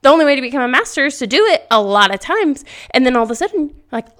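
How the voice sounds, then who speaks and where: A woman podcast host with a slightly high voice talks loudly and animatedly. She laughs often as she tells stories into her podcast microphone. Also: a little fast. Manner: speaks loudly; animated storytelling with frequent laughter. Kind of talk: casual motivational podcast monologue.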